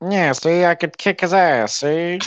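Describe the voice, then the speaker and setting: A man's voice: a little high, a little slow, dry recording, natural voice. A man voicing a brash, tough-talking old megalodon shark with a transatlantic accent, ending his lines with "see?". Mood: tough boasting. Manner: gangster-style, tags lines with "see?". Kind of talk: comedy podcast role-play. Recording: muffled lo-fi audio.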